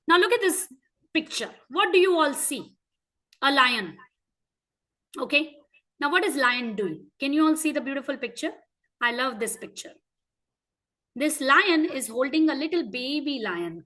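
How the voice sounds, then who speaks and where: A woman with an Indian English accent leads a children's class. Her voice is high and bright. She keeps asking the children questions and tells her examples with lively, animated storytelling. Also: unhurried, long pauses, rough recording. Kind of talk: interactive lesson for children.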